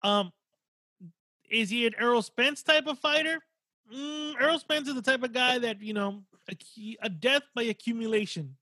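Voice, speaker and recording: A man with a high voice, talking through a boxer's record in a loose, rambling way and swearing now and then. He corrects himself as he goes. The recording is dry and close. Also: moderate pace, sharp tone, no room sound. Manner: analytical, rambling, casual swearing. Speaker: boxing podcast co-host. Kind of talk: casual chat.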